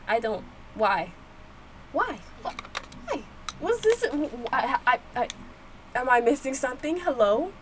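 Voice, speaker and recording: A woman with a fairly high voice reacts to a video in casual commentary. She reads subtitles aloud and gets excited, repeating the same phrases. A faint hum sits behind her.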